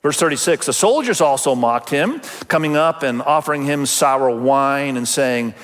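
A man's voice: mid-range voice, lively intonation, moderate pace, few pauses, fairly bright tone, long reverb tail. A man preaching a sermon as pastor, talking conversationally and acting out quoted voices.

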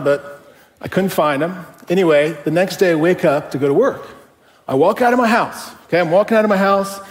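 Animated pastor preaching in a reverberant hall. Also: male voice, a little high. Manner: conversational, animated, with rhetorical questions. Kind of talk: sermon with storytelling.

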